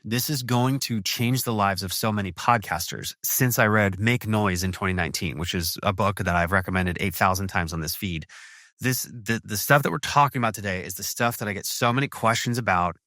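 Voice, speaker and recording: A man's voice: on the low side, pushed and bright, dry recording, clean studio sound. A man hosting a podcast interview, talking in an enthusiastic, effusive way with lots of restarts. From USA. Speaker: podcast host. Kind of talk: casual interview chat.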